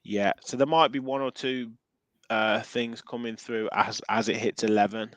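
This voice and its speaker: On a laid-back football podcast, a man with an English Midlands accent reads out viewer comments and chats, saying um a lot. His voice is lowish and slightly bright, with fairly even intonation and normal speed. There's no echo, but the recording quality is rough.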